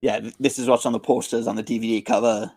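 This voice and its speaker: A man co-hosting a podcast, casually recapping a film and acting out its scenes in quick voices. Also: medium pitch, level tone, warm tone, breathy edge. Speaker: podcast co-host. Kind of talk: casual movie recap chat.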